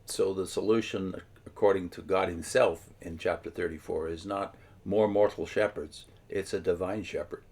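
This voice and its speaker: A man's voice: low-pitched, fairly even intonation, normal speed, hardly any pauses, darkish tone. A man co-host explaining a Bible passage earnestly and emphatically, often restarting his sentences. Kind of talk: explanatory religious discussion.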